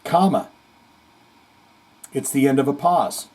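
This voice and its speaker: A man's voice: medium pitch, takes it slowly, a little mellow. A man hosting a casual heavy metal chat stream, reading viewer comments aloud with jokey asides. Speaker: host.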